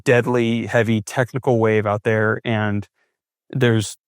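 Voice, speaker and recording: Low-voiced man telling a surf story. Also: flat delivery, slow pace, smooth, dry recording, studio quality. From California. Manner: vivid retelling with acted-out inner thoughts. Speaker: big wave surfer guest. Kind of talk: storytelling in a podcast interview.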